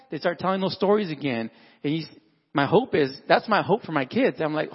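A man's voice: fairly high pitch, fairly quick, breathy edge, long reverb tail, muffled recording. A man addressing fathers at church in a conversational, sermon-style talk, acting out everyday dialogue. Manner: conversational, acts out dialogue with animated voices.

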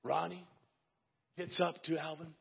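A man preaching a sermon as pastor, moving from hushed storytelling to shouted preaching. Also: on the high side, little pitch movement, measured pace, vocal fry, slight background noise. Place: church sanctuary. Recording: dull lo-fi audio with long hall reverb.

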